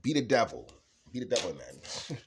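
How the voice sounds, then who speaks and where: A man with a lowish voice that leaps all over the place rambles through a casual tarot card reading. He laughs often and drifts between quiet mumbles and sudden loud outbursts. A faint hiss sits under the recording. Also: very animated, normal speed.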